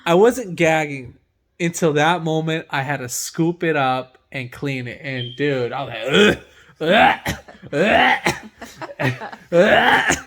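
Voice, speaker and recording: A young man, a mechanic, casually telling a story in loose slang, animated and laughing, with big swings between loud and quiet. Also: a little high, unhurried. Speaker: mechanic and channel host.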